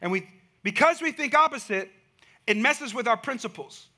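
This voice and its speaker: Bright, high-voiced man preaching. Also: moderate pace. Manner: animated storytelling with rising emphatic climaxes. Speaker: pastor. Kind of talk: sermon.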